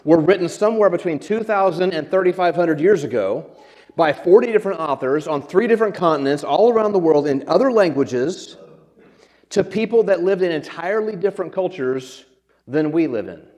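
A man's voice: a little high, expressive, a little fast, a little mellow. A man preaching a sermon as a pastor, conversational with self-deprecating humor and frequent restarts. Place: church sanctuary. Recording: long church reverb.

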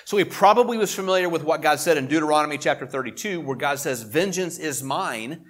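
Middle-aged male pastor, conversational sermon delivery, punches key points then drops low for asides. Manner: conversational preaching with emphatic swells and quiet asides.

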